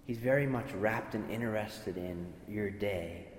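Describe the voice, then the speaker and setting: A man preaches a sermon earnestly, often repeating words and voicing what imagined people might say. His voice is fairly low and a little slow. Slight background noise and long reverb from an echoey hall fill the recording.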